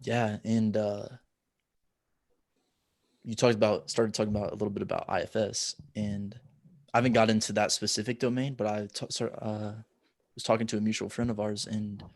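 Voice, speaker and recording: A man hosting a podcast, talking in a relaxed, loose way with many fillers. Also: on the low side, no echo. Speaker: podcast host. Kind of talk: casual conversation.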